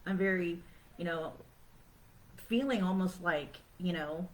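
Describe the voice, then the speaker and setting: Chatty low-voiced woman teaching self-help. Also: unhurried, long pauses, poor audio. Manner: chatty, loose, full of "you know" and "like"; acts out her own past thoughts in quoted asides. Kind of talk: casual teaching talk to viewers.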